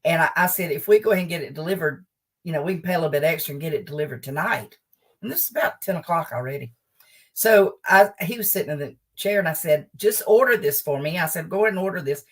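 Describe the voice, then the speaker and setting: Woman, older, humorist, comic storytelling, animated, laughing. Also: sits low, fast, distant mic. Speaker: guest humorist.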